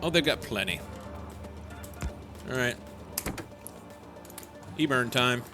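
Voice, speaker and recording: Game music plays in the background while a young man rambles casually through his live stream, reading chat aloud and responding. His mid-range voice is expressive, and his pace is slow.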